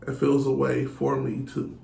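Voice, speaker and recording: A man in his thirties talks in a gravelly voice, blunt and profane, as a podcast guest. He often slips into quoting other people mid-story. The room is echoey, with a faint hiss underneath. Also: mid-range voice, monotone, moderate pace, warm tone. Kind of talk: casual podcast chat.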